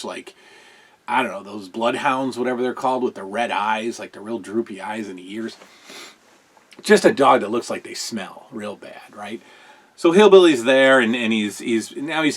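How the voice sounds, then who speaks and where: A middle-aged man talks loosely through a casual review of old wrestling shows, his voice sitting at an ordinary pitch. He rambles and gets excitable, breaking off his sentences and starting over. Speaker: podcast host.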